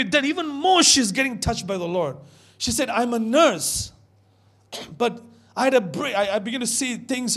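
A man with a notably high voice preaches to his church. He tells a personal story with emphasis, repeating words and calling out to the congregation. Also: a bit bright. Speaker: pastor. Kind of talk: sermon with storytelling.

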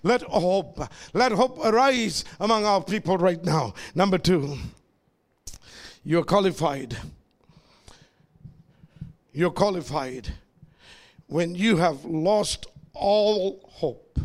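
A man with a very high voice preaches a fervent sermon. He repeats his lines for emphasis, calls on the congregation to respond, and rises into shouts. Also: slow, long pauses. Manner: impassioned preaching that swings into shouting.

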